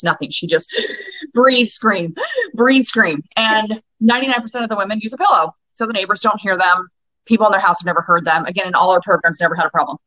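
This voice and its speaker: A woman's voice: medium pitch, sharp tone, dry recording, poor audio. A woman in her forties, a guest coach on a podcast interview, talking in a passionate, emphatic way with plenty of swearing. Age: 40s. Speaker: guest, anger-work coach.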